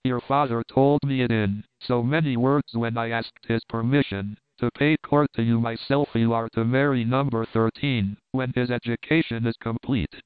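A man voicing a scheming male doctor who talks in a solemn, measured, persuasive way. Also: mid-range voice, steady tone, smooth, dry recording, close to an everyday voice. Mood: grave. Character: scheming grave male doctor, middle-aged. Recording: narrow phone-like band.

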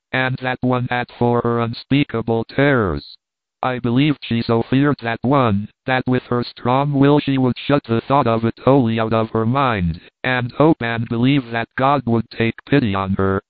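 A male audiobook narrator reads a first-person story in a measured, earnest way at a middle pitch. The sound is thin and phone-like, dry and close with no room echo. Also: clean tone.

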